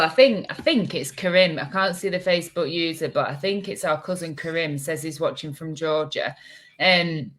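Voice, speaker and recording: A woman's voice: fairly low pitch, fairly bright tone. A woman co-hosting a casual chat podcast, chatty with lots of fillers, now and then mimicking chirpy voices. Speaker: podcast co-host.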